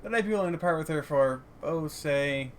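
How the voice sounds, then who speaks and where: A man voicing a gruff, well-meaning old male junk scavenger with a put-on German accent. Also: fairly high pitch, animated, normal speed, a little hiss or hum, lightly acted.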